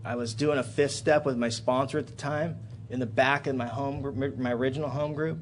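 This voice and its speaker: Speaking a little fast over a slight hiss or hum, an AA speaker tells his personal recovery story at a hotel-room convention. He doesn't hold back on swearing, and he moves dramatically between loud, excited bursts and quiet, low passages.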